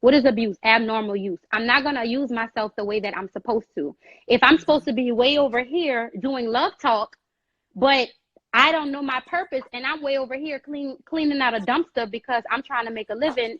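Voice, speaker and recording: A woman giving emphatic, preachy advice in an animated way, repeating phrases and calling the listener girl, on a live video call. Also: fairly high pitch, no room sound, lo-fi sound.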